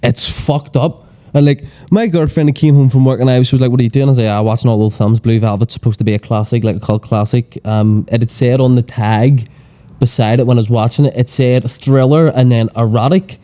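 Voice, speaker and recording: Male podcast guest, very dark mellow tone, casual, sweary, rambling. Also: medium pitch, fairly even intonation, fairly quick. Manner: sweary, rambling storyteller full of fillers. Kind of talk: casual chat.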